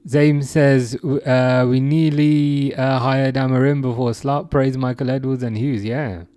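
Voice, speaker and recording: A man's voice: medium pitch, fairly even intonation, unhurried, mellow, clean tone, dry recording, clean studio sound. A man casually hosting a football livestream, reading viewer comments aloud and laughing often. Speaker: livestream host reading chat.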